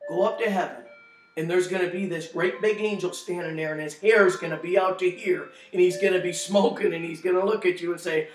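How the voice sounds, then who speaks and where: A middle-aged man giving a spoken testimony, telling his story in an animated way and acting out the quotes loudly. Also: sits high, brisk. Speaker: testimony speaker. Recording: echoey room, distant mic.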